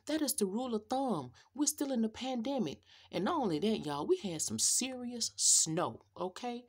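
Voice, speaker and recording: A middle-aged woman, a rideshare driver, telling a story to her viewers in an animated, sassy rant. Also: on the high side, normal speed, hardly any pauses, husky. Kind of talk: casual storytelling rant to camera.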